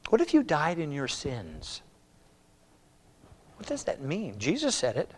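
A high-pitched male pastor preaches in a church, pressing his listeners with question after question. He rises to loud urging, then drops to a near hush. The sound rings with a long hall reverb. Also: huge pitch swings, measured pace, husky. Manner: rhetorical questions, swings from loud urging to hushed. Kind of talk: sermon.

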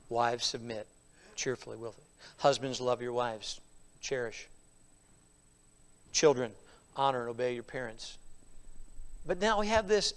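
High-voiced man preaching in a reverberant hall. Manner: swings from hushed, slow reading to loud, emphatic repetition. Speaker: pastor. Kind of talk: sermon.

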